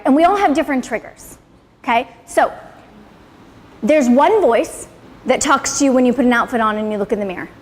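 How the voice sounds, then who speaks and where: A high-voiced woman, sounding as if she's in a large hall, leads a live motivational class in a salon room. Her casual talk is blunt and full of profanity, and she keeps checking in with "right?"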